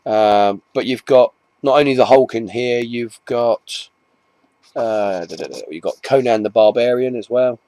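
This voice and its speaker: A man's voice: mid-range voice, measured pace, warm tone, no echo. A man with an English accent chatting casually to camera, rambling and often restarting his sentences, with self-mocking asides. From England. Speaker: comic collector vlogger.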